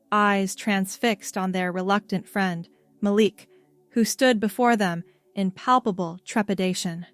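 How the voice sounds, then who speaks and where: A woman reading a scripted story in an even, measured way. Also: medium pitch, smooth, dry recording. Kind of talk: scripted narration.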